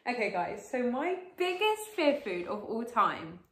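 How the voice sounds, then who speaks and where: A woman in her late teens chatting to camera as a vlogger while she eats, gushing and excitable, with lots of fillers. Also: fairly high pitch, a little slow, over loud music. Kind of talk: casual to-camera vlog while eating. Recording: roomy echo.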